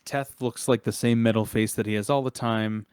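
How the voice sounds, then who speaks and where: A young adult man narrating as game master of a tabletop game, relaxed and chuckling, with frequent filler words. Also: on the low side, moderate pace, clear, resonant tone, no echo.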